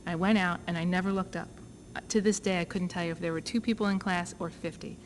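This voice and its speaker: Woman with a lowish voice telling a talk audience her story, acts out the back and forth, faint hiss behind. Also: fast, low-quality recording. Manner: lively storytelling, acting out both sides of dialogues. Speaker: conference speaker. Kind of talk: personal story told to an audience. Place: conference talk.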